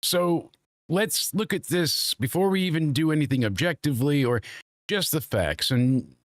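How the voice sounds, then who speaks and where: A man's voice: a little high, animated, normal speed, no echo, clean studio sound. A man hosting a casual chat, recapping news in a rambling, hesitant way. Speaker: host.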